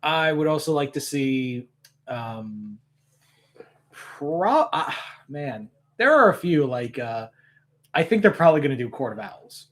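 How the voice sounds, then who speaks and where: A man joining as a guest in a casual live Q&A chat, pausing with ums and getting animated when sharing opinions. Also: fairly high pitch. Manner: thoughtful, pauses with ums, gets animated on opinions.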